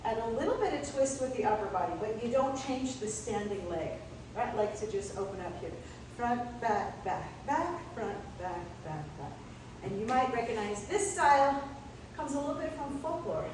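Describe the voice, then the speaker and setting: A woman's voice: on the high side, animated, moderate pace, recorded from a distance, noisy background. A woman dance instructor counting and cueing steps in rhythm as she leads a class. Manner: rhythmic, calling out steps in time. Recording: echoey room, mic from afar.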